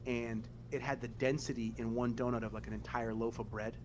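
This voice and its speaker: Podcast host, man, mid pitch, swearing storyteller, audible background noise. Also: a little fast. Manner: animated, profane, acts out quotes. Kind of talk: casual chat, storytelling.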